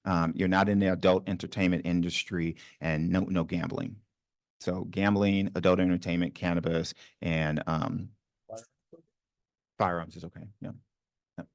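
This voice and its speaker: A man's voice: low-pitched, flat delivery, moderate pace, dry recording, clean studio sound. A man with a Southern accent from New Orleans, speaking on a business panel to a live audience in a conversational way, with many ums and restarts. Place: university event room.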